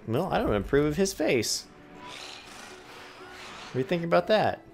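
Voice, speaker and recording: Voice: mid-range voice, very animated, moderate pace, creaky, faint music behind. A let's play host doing gaming commentary, ranting at the game and talking to it as if it were a person.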